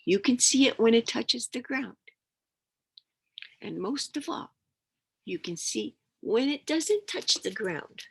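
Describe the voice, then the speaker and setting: A wise spirit teacher , as an older woman puts him on, speaks to a small mouse with gentle solemnity. Some of it drops almost to a whisper, and the voice stays gravelly and slow. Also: a little high, animated, pitched above the performer's own voice, heavily acted.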